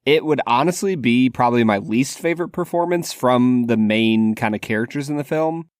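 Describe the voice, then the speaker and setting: A man's voice: medium pitch, moderate pace, dry recording, studio quality. A man in his thirties co-hosting a podcast, talking about a film in a laid-back, joking way. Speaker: podcast co-host. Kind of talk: casual movie discussion.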